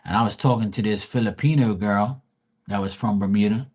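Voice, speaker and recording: A man's voice: on the low side, a little fast, a little mellow, slightly rough. A man hosting a live stream, telling rambling stories and ranting bluntly with a lot of swearing. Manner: profane, blunt, rambling storytelling. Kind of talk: casual ranting chat.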